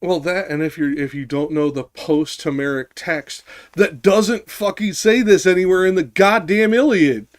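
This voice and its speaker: A man's voice: high-pitched, moderate pace. A man co-hosting a casual talk about a classic poem, arguing his point insistently, restarting sentences and swearing for emphasis. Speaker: podcast co-host. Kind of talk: casual discussion.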